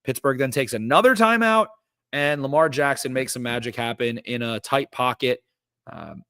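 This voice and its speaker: A man talks through football plays with eager energy and plenty of "uh"s. His voice sits at an ordinary middle pitch. The studio recording is dry and close. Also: clear, resonant tone, dry recording. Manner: energetic, recaps plays with lots of fillers. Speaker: podcast host. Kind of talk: casual football breakdown.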